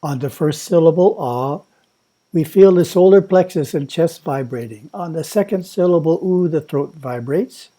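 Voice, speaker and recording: Mellow-voiced man giving a measured spiritual talk. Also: a little high. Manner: measured, instructive, slow. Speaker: monastery teacher. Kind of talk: prepared spiritual talk read aloud.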